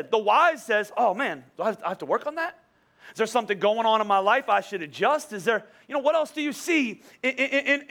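A man's voice: high-pitched, fairly bright tone. A middle-aged man preaching a conversational sermon, asking the congregation rhetorical questions as he goes. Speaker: pastor.

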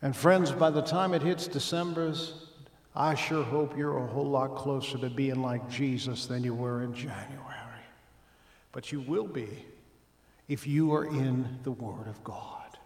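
A male pastor preaches slowly and deliberately to a congregation. His delivery drops to hushed asides and then rises to loud, emphatic exclamations. His voice carries through a roomy church with a long reverb tail. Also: mid-range voice, steady tone. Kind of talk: sermon. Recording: echoey church hall.

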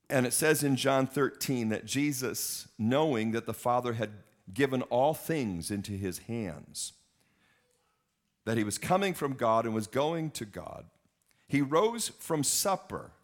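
Animated preaching pastor. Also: male voice, mid-range voice. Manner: animated, emphatic, repeats words for stress. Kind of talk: sermon.

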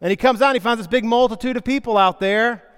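A man preaching a sermon, telling the story with lively, acted-out asides. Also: extremely high pitch, fast, smooth. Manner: animated storytelling, acting out scenes. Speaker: pastor. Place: church sanctuary. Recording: long reverb of a large hall.

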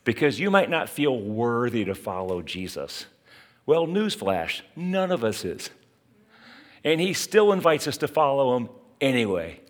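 Brief: a conversational male preacher, expressive and lively, mid pitch, talking straight to the congregation. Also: measured pace. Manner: animated, conversational preaching with asides to listeners. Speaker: pastor. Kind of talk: sermon.

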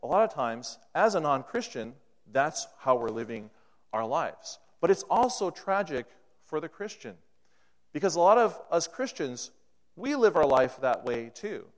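A man's voice: on the high side, big pitch swings, unhurried. A man preaching a sermon to his congregation, acting out the voices in a story as he goes. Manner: acts out dialogue in an anecdote, voice rising and falling. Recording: long hall reverb.

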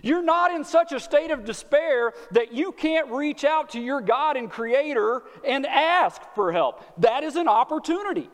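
Texan guy preaching, kinda high voice, folksy and earnest, long echo off the church hall. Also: lively intonation, measured pace, few pauses. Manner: folksy, earnest, repeats words as he talks. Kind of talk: sermon.

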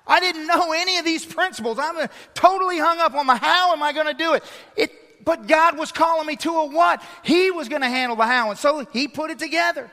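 A middle-aged pastor with a high, bright voice preaches an animated sermon, full of storytelling and sarcastic asides. His voice rings out with a long reverb from the church hall. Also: brisk. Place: church sanctuary.

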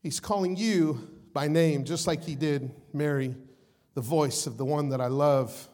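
A young adult man pastor preaching an Easter sermon, swinging from hushed storytelling to shouted, sing-song preaching, with casual slang like "man" and "like". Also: a little high, measured pace.

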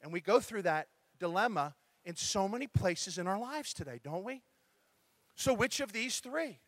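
A man preaching a sermon as pastor, talking to his congregation in a lively, conversational way. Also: high-pitched, normal speed, no room sound.

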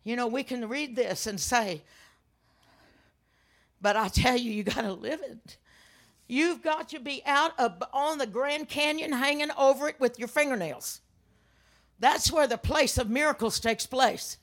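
Older woman preaching, high and dramatic. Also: measured pace. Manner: dramatic storytelling with sudden loud outbursts. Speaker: minister. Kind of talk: sermon with personal testimony.

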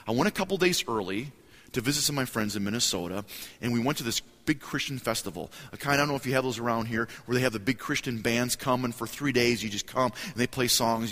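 A man preaching a sermon as a story, animated and acting out voices and cheers in a large church hall. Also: mid-range voice, fast talker. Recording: hall reverb, live sermon.

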